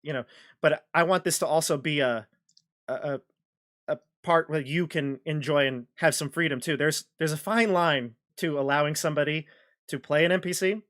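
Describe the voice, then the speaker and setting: Rambling game master, slightly high voice. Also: male voice, fairly bright tone. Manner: rambling, many restarts and fillers. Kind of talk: casual chat. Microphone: video call.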